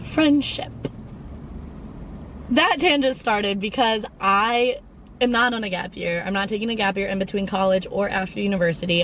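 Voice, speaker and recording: A young woman of around twenty talks in a loose, chatty way, drifting off on tangents and sprinkling in fillers. Her voice sits at an ordinary middle pitch. A faint hum of traffic runs behind her. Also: a bit bright, poor audio. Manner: rambling and chatty, full of tangents and "like". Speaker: podcast host. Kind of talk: casual chat.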